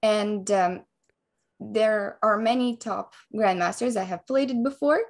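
A woman chess coach calmly and methodically explaining a chess opening, move by move. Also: mid-range voice, unhurried. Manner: calm, methodical explanation of moves.

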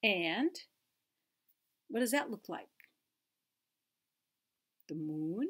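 A woman leading a church story time, gently asking small children questions and reading picture books aloud. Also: medium pitch, sing-song, slow, pauses often, slightly rough. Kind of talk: picture-book read-aloud for toddlers.

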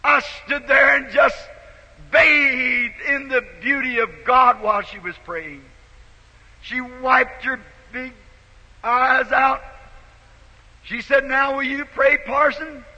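A man preacher telling a story in a sermon, swelling from soft to shouted, on a dull 1950s tape in a big echoing hall. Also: very high voice, slow pace, pauses often.

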